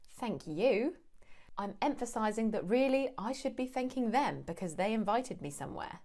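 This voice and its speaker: Woman, English teacher, clear explanatory delivery, acts out example lines. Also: on the high side, expressive, a little fast, a little mellow. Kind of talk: scripted language lesson.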